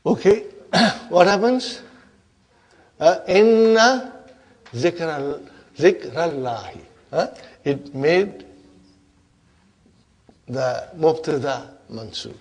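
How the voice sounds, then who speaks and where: Higher-voiced man teaching arabic grammar, unhurried, native urdu speaker, keeps asking the class if they follow. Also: lively intonation. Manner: interactive, constantly checks in with the class. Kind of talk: classroom lecture.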